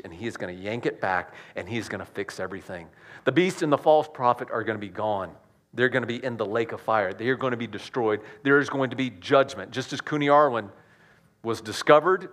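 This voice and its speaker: A man preaching a sermon as pastor, swinging between loud emphatic rises and soft hushed drops, with conversational asides and repeated words. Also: medium pitch.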